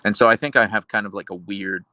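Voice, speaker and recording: A man with an American accent and unusually crisp consonants, chatting casually to his stream audience. His voice sits a little low, with a bright, forward edge. The sound is close and dry, with no room around it. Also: steady tone, quick pace, no room sound, lo-fi sound. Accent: American, crisply enunciated. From Pittsburgh, Pennsylvania. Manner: enunciates consonants sharply, rambling asides. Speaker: livestream host reading chat. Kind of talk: casual livestream chat.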